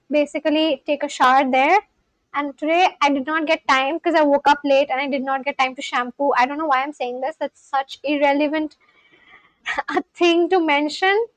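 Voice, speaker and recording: High-pitched woman streamer just chatting w/ her viewers, rambly, keeps restarting, super dry sound. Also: fairly bright tone, no echo, rough recording. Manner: rambling, chatty, frequent restarts and self-corrections. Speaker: livestream host learning a language. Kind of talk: casual live-stream chat, reading chat aloud.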